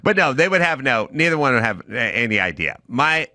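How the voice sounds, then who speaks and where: A man's voice: medium pitch, sing-song, fairly quick, sharp tone, no room sound, clean studio sound. A middle-aged man co-hosting a podcast, telling stories in an emphatic, ranting way. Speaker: podcast co-host. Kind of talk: casual chat.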